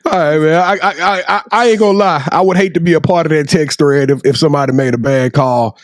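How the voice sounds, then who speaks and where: A man's voice: on the high side, brisk, no room sound. Male host, playful casual questioning, dry close recording. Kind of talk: casual video interview.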